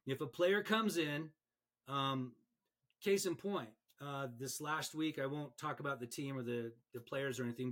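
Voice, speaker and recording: A man who referees, chatting on a podcast and telling stories in an animated way, often repeating words as he goes. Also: on the high side. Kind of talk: casual podcast chat.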